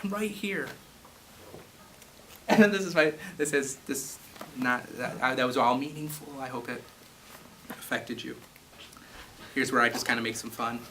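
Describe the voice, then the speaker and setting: A man's voice: mid-range voice, fairly even intonation, moderate pace, long pauses, bright, forceful tone, slight background noise. A man preaching a casual sermon, reading scripture and joking before building to passionate emphasis. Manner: jokey asides, rising to passionate emphasis. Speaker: pastor.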